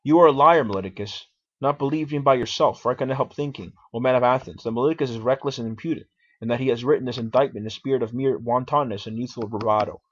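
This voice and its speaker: A man's voice: medium pitch, steady tone, racing, husky, lightly acted. A man voicing an aged male philosopher defending himself in court, arguing and questioning in a dramatic reading on a dull lo-fi recording. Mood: defiant. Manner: argumentative, questioning.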